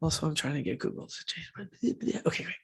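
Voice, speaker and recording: A woman's voice: sits low, fast, creaky, fairly bright tone, slightly rough. A woman giving a conversational conference talk on leadership, often asking "right?" and correcting herself with fillers as she goes.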